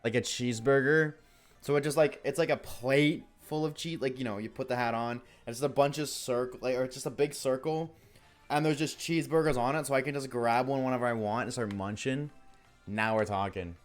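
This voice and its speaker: Brief: male streamer, worn out and yawning, rambly jokey chat with viewers, soft game music under. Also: mid-range voice, fairly even intonation, fairly quick. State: tired, yawning. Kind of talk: casual live-stream chat while gaming.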